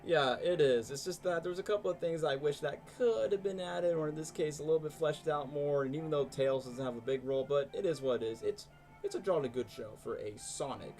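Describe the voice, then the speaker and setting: A man's voice: fairly high pitch, fairly quick, darkish tone, faint music behind. A young man hosting a live stream, chatting casually and animatedly with lots of fillers. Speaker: stream host. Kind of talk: casual chat, ranking shows live.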